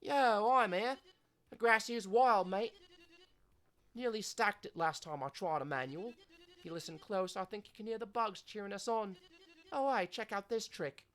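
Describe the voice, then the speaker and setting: Brash Australian skater girl, cocky and loud, voiced by a woman with a lively, bouncing pitch. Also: normal speed, natural voice. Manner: loud, boisterous slang-filled banter.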